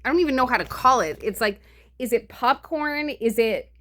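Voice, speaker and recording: A woman's voice: a little high, expressive, moderate pace, long pauses, fairly bright tone. A woman book vlogger venting her frustration in a casual, profane rant, laughing between complaints. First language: English.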